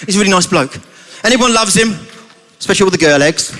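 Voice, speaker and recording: Speaking quickly in a high, pushed and bright voice, a British man tells a playful tale to a family church congregation. He frequently turns to the children with questions.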